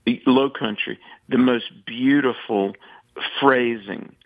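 A man from the American South with a Southern accent, a radio guest telling lively anecdotes. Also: mid-range voice, slow pace, no room sound, narrow, tinny audio. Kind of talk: storytelling on radio.

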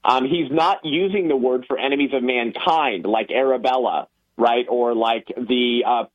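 A man's voice: mid-range voice, moderate pace, dull audio. A man explaining ideas earnestly as a guest on a radio talk show, with many ums and uhs.

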